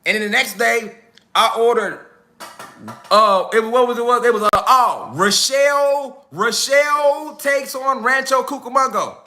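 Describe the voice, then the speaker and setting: A man's voice: very high voice, unhurried, roomy sound. A young man from Chicago telling a comic family story in loose slang, acting out his relatives' voices. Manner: animated, slangy, acts out family members. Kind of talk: comedic storytelling.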